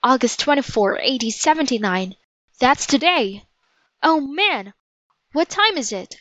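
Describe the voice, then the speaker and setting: A woman's voice: mid-range voice, unhurried, fairly bright tone, dry recording. A woman voicing an anxious, bookish young boy who stammers and panics when frightened. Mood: panicked.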